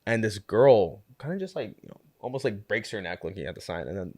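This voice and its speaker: Animated man telling a story, very dry sound. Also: lowish voice, brisk, no room sound. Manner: animated storyteller, heavy use of "like", acts out quotes. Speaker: podcast guest, community co-founder. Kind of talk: casual storytelling chat.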